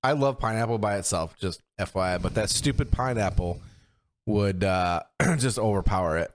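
Young male co-host, lower voice, teasing and opinionated. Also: moderate pace. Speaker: podcast co-host. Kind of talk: casual chat.

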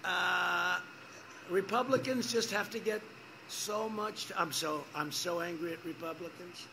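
A man's voice: high-pitched, a little slow, gravelly, bright, forceful tone, slight background noise. A man gives a rambling, repetitive campaign rally speech outdoors, making emphatic asides to the crowd. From United States. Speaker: politician speaking at a rally.

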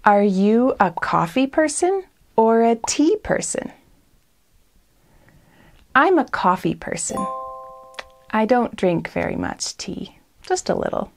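A woman with an American accent teaching a beginner English lesson, speaking deliberately and explaining how words sound. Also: fairly high pitch, big pitch swings, vocal fry. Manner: very slow, deliberate, explains pronunciation.

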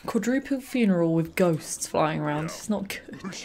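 A woman's voice: fairly low pitch, expressive, measured pace, a crowd in the background. A young woman hosting a let's play, chatting and reacting aloud to the game with frequent little laughs. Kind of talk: gameplay commentary.

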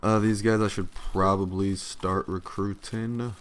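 A man's voice: low voice, level tone, unhurried, slight background noise. A young man giving casual gameplay commentary, profane, sarcastic and tired, grumbling at the game. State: yawning, tired. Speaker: let's play commentator.

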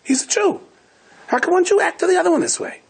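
A man doing a shrill mocking pirate. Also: expressive, fast, gravelly, exaggerated voice. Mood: indignant. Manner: shouting, high-pitched mockery. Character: brash rich man, a pirate, loud and mocking.

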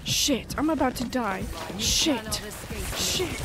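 A young woman with a high voice narrates her gameplay in an unhurried drawl. She bursts into loud, excitable shrieks and repeated cries of protest, then settles back into slow chatter. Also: over music. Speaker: gaming content creator. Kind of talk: gameplay commentary during a hot sauce challenge.

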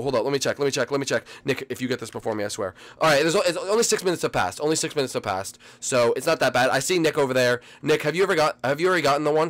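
A teenage young man giving excitable gameplay commentary to his viewers, dropping to a mumble and then bursting into yells. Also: mid-range voice. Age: late teens. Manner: excitable, swings from mumbling to yelling; addresses viewers as folks. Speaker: gaming video host.

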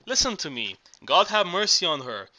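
A bawdy old village verger, read by a man, rambling and halting in a bright, forceful voice. the tone sits fairly high for a man. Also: big pitch swings, full character voice. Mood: sly. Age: older.

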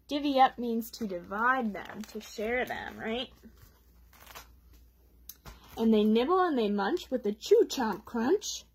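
A woman reading picture books aloud to children, expressive and asking them little questions. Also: fairly high pitch, slow, pauses often, breathy edge. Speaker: children's storytime reader.

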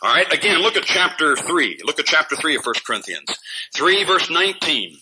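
A fiery male pastor with a fairly high voice preaches to his church in a scolding tone. His sermon jumps to loud bursts and dry chuckles. The old recording carries a steady hiss under his voice. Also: a little fast, rough recording.

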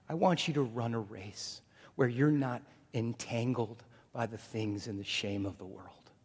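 A male pastor preaching a sermon to his congregation in a lively, joking manner. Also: mid-range voice, unhurried, breathy edge. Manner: animated preaching, jokes with the congregation. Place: church sanctuary. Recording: long hall reverb.

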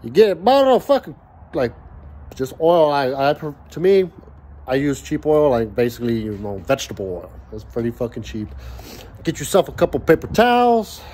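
Brief: young man vlogging outdoors, a foul-mouthed rambling rant, animated pitch. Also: normal speed. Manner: angry, profane, rambling. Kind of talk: profane ranting vlog. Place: outdoors by a backyard grill.

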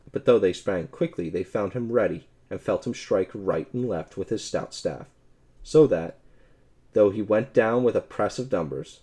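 A man narrating an old adventure audiobook with expressive storytelling. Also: low voice.

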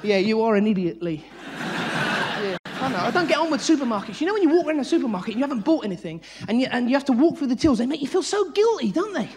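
A middle-aged man doing a frantic live stand-up routine, breaking into sudden high yelps, on a large theatre stage. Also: expressive, quick pace, slight background noise. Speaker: stand-up comedian. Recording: live theatre audio with loud audience laughter.

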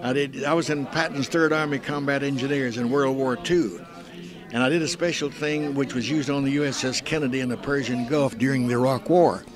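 A man's voice: medium pitch, fairly even intonation, a little fast, a crowd in the background. A man in his nineties telling stories in a folksy, earnest, emphatic way during an interview. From United States. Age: 90s. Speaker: voice actor. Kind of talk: casual interview storytelling.

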